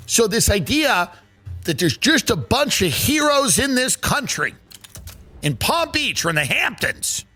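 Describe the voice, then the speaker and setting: Bright and forceful, the middle-aged comedy podcast host takes his time, his pitch swinging widely as he riffs sarcastically, acts out mock dialogue and swears freely. Soft music plays in the background.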